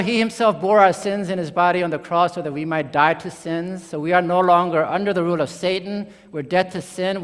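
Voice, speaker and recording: A male pastor delivers a sermon in a high, light voice, and the sound carries a long reverberant tail. He preaches conversationally, swinging from excited bursts down to low, hushed lines.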